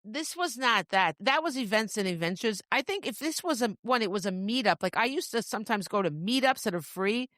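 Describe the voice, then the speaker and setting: A woman's voice: fairly high pitch, animated, a little fast, hardly any pauses, a bit bright, dry recording, studio quality. A woman co-hosting a podcast, chatting casually and often restarting her sentences. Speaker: podcast co-host. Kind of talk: casual chat.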